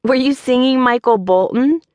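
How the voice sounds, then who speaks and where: A woman's voice: high voice, moderate pace, darkish tone, dry recording, pitched above the performer's own voice, close to an everyday voice. Woman voicing a smug, wry young man. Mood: teasing.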